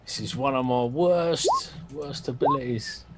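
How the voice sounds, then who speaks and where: A man playing a tabletop game who reacts in an animated way. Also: mid-range voice, measured pace. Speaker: player. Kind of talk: casual tabletop game talk. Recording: noisy recording.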